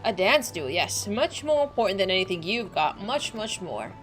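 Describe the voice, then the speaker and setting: A woman's voice: mid-range voice, sing-song, normal speed, fairly bright tone, soft background music. A woman streamer chatting casually as she plays, making joking asides to the game. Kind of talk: casual gameplay chat.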